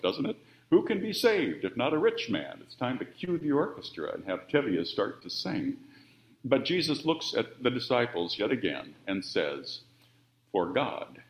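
A man preaching a sermon, by turns emphatic and quiet. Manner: expressive, with wide swings of pitch and volume. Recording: roomy, dull-sounding church audio.

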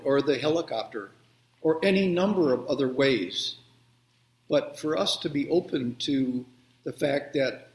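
Male pastor, gentle unhurried sermon storytelling, echoey video-call sound. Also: medium pitch. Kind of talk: children's sermon and prayer. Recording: roomy echo.

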